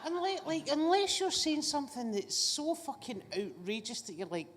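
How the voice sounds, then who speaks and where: A woman's voice: sits high, very animated, fairly quick, few pauses, slight background noise. A woman, a guest comedian chatting casually and telling stories with plenty of swearing. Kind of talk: casual chat.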